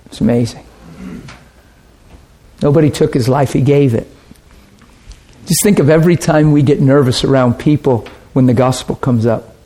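A man's voice: medium pitch, moderate pace, pauses often, mellow. A man preaching a sermon in an earnest, conversational way, asking his listeners rhetorical questions.

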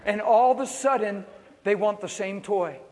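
A male pastor preaching a sermon with animated storytelling and rhetorical questions. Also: sits high, moderate pace. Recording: long reverb of a large hall.

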